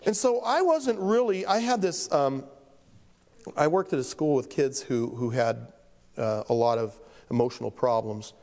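A man's voice: medium pitch, lively intonation, normal speed, a little mellow. A man preaching a sermon as pastor, telling stories with self-deprecating humor and acting out the voices of the people in them. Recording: long hall reverb.

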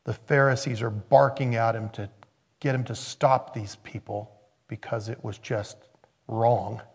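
Gravelly male pastor preaching conversationally. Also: medium pitch, fairly even intonation, unhurried. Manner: conversational preaching, swinging between emphatic bursts and hushed asides. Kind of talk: sermon.

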